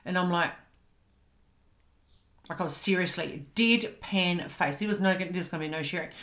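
A woman in her fifties with a New Zealand accent, a podcast host and coach telling a personal story in a fast, animated, frank way. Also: lowish voice, reverberant. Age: 50s.

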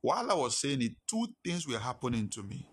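A man preaching a sermon, telling a personal story and swinging between hushed and emphatic delivery. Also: mid-range voice, very animated, fairly quick, husky.

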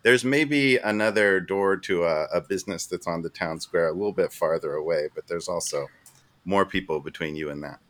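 A man who is the game master of a tabletop game, narrating in a relaxed, rambling way with fillers. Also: low-pitched, moderate pace.

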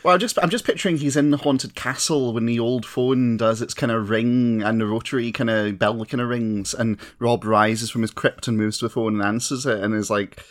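A man's voice: medium pitch, steady tone, normal speed, few pauses. A man co-hosting a podcast, groggy from a migraine, rambling and swearing through casual banter. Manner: rambling, swears, self-mocking. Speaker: podcast co-host.

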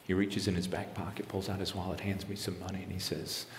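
A man's voice: deep voice, little pitch movement, fast talker, creaky, roomy sound, long reverb tail, slight background noise. A man in his forties telling a personal story in an interview, earnest, often restarting his sentences. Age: 40s. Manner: earnest, retelling with quoted dialogue, frequent restarts. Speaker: interviewee, missionary pastor.

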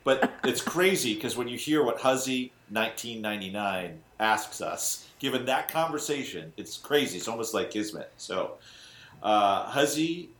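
A man hosts a relaxed podcast, reading out listener questions and laughing along with his co-hosts. His voice moves lively up and down. The room around him sounds echoey. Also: medium pitch, moderate pace, a little hiss or hum. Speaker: podcast host. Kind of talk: casual podcast chat.

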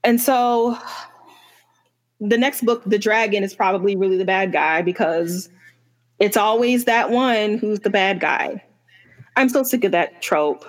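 A woman's voice: mid-range voice, measured pace, pauses often. A woman co-hosting a book podcast, chatting casually with exasperated rants and self-deprecating asides. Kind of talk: casual chat.

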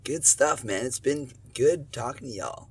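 A man's voice: medium pitch, lively intonation, a little slow, a loud crowd. A Canadian man hosting a podcast in casual chat, swearing freely and telling stories with animation. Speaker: podcast host.

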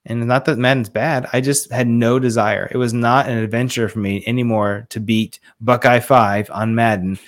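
A man's voice: mid-range voice, fairly even intonation, normal speed, few pauses. A man in his forties speaking as a podcast guest, an earnest fatherhood coach who tells stories emotionally and acts out what others said. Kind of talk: casual interview storytelling.

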